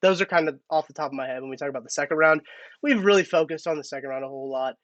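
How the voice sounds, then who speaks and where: A man's voice: a little high, very fast, a bit bright, dry recording. Chatty man hosting a live stream. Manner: chatty, thinks aloud with restarts. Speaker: podcast host. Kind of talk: casual live-stream talk.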